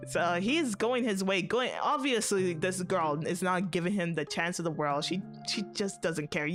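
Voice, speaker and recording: A woman streamer rambles through a story in relaxed, blunt chat, swearing casually and laughing as she goes. Her voice sits a little low for a woman. Faint background music plays under her talk. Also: moderate pace, hardly any pauses. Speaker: VTuber streamer.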